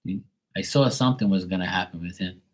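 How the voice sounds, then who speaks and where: A man reading tarot on a live stream, chatting bluntly to a viewer, swearing freely and getting animated when worked up. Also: low voice, quick pace, poor audio. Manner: blunt, swears often, talks straight to a viewer. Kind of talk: casual live-stream chat.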